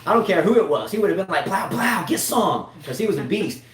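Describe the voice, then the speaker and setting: A man's voice: high voice, lively intonation, racing. Rambling man talking tennis, echoey room. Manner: rambling, restarts often. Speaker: tennis show co-host. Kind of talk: casual tennis chat. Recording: echoey room, mic at a distance.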